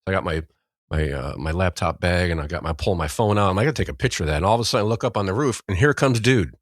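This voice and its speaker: Middle-aged Midwestern man, very low voice, rambling storyteller, dry close mic. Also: fast, dry recording. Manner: rambling storyteller, acts out quotes loudly. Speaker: podcast co-host. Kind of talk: casual chat.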